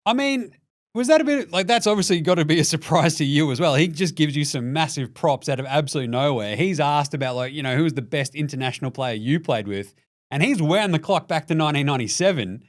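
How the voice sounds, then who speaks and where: An Australian man in his younger years hosts a basketball podcast, his voice sitting a little high for a man. He talks in a lively, quick, casual way and laughs often. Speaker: podcast host. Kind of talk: casual sports podcast chat.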